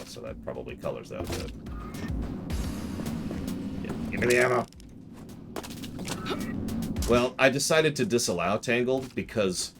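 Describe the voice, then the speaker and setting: A man giving joking, chatty commentary while streaming a game and reading out viewer messages, with loud game music behind. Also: on the low side. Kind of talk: live gameplay commentary.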